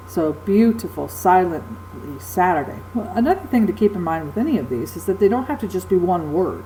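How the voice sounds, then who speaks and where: A woman's voice: on the low side, warm tone, a little hiss or hum, poor audio. A woman teacher giving a recorded lecture, explaining patiently with frequent ums and uhs.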